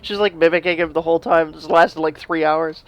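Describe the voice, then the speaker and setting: A man co-commentates a video game match in a loose, gossipy way. His voice sits fairly high and has a gravelly, fry-filled texture. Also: level tone, brisk, a bit bright. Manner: chatty and laughing, gossipy. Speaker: esports co-caster.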